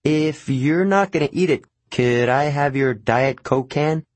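A man's voice: on the high side, measured pace, no echo, voice pushed up, natural voice. A man reading an audiobook, voicing a timid young satyr who asks in a pleading way.

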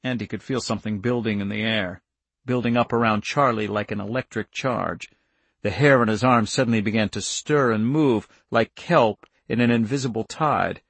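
A man reading a novel aloud as narrator, steady and measured with tense build. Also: lowish voice, vocal fry, breathy edge, no echo. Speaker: audiobook narrator. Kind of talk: scripted narration.

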